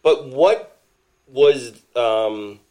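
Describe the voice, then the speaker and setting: A man co-hosting a podcast, joking and throwing in quick questions in casual chat. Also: medium pitch, darkish tone. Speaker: podcast co-host.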